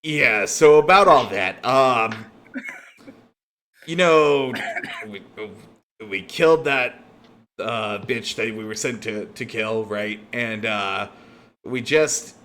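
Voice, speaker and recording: A man's voice: mid-range voice, slow, long pauses, a bit bright, a little hiss or hum. A man voicing a cocky male street thug who rambles flippantly, full of fillers and half-finished thoughts.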